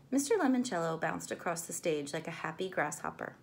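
A woman's voice: on the low side, animated, brisk, hardly any pauses, slight background noise. Woman reading a story to kids. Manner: gentle, clear read-aloud to children. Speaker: teacher reading aloud. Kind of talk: storybook read-aloud.

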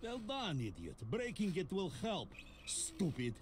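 A man's voice: high voice, wildly swooping pitch, measured pace, a little hiss or hum, exaggerated voice. A man voicing a grumpy, scornful little robot teddy bear with a foreign accent in a video game, who calls everything stupid garbage. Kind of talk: video game character dialogue.

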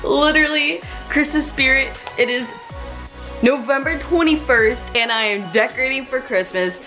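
A woman's voice: high-pitched, moderate pace, sharp tone, faint music behind. A young woman vlogging casually, bubbly and chatty, filling her talk with "like" and "oh my gosh," recorded on a handheld camera. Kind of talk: casual vlog chat.

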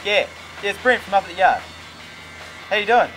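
An actor doing a brash young New Zealander with a strong Kiwi accent, swaggering and swearing through every sentence. His voice sits a touch high for a man, with music playing behind. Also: lively intonation, fairly quick, low-quality recording. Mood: wheedling. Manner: crude, swaggering, swears constantly. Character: brash foul-mouthed young Kiwi car washer. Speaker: car yard worker. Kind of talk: naturalistic indie film acting.

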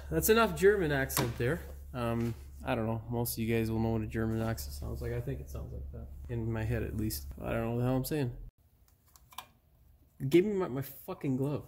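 A man's voice: medium pitch, a little fast, a little hiss or hum. Swearing, laughing DIY car-repair man. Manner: swears and laughs at his own flubs; upbeat sign-off patter. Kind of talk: how-to narration with bloopers. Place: driveway or garage.

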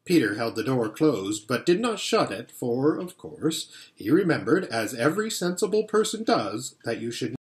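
Man reading a storybook aloud, lively. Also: medium pitch, normal speed, few pauses. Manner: expressive, animated reading. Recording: roomy echo.

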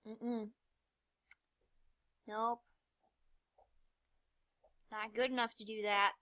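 A woman's voice: fairly high pitch, flat delivery, drawn-out words, bright, forceful tone, muffled recording. A young woman giving rambling, self-mocking let's-play commentary, swearing freely, with sudden yelps and muttered asides. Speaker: gamer.

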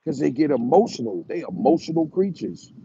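A man's voice: a little high, big pitch swings, a little fast, vocal fry, dark tone, breathy edge, dry recording. A man who breeds dogs, ranting at his viewers in a taunting, repetitive, mocking way with chuckles. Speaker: dog breeder. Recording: dull lo-fi recording.

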